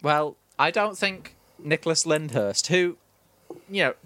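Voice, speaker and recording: A man's voice: fairly high pitch, lively intonation, unhurried, bright, forceful tone. A man co-hosting a comedy podcast, teasing and incredulous in his banter. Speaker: co-host.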